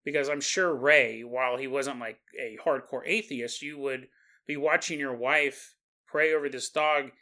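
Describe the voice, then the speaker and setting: A man hosting a podcast who narrates a story in an animated way and acts out its characters. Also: mid-range voice, measured pace. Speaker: podcast host.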